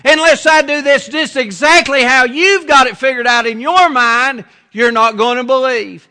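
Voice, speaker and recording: A man preaching a sermon as pastor, slow and deliberate, repeating his phrases. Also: extremely high pitch, sharp tone, long reverb tail.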